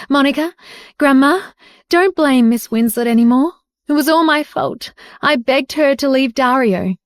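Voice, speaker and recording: A woman voicing a scheming young woman who pleads in a high, shrill voice. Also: animated, a little slow, no room sound, clean studio sound. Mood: pleading.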